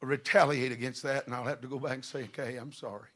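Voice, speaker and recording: A middle-aged man preaching a sermon with fervor, building to shouted passages. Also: mid-range voice, steady tone, quick pace.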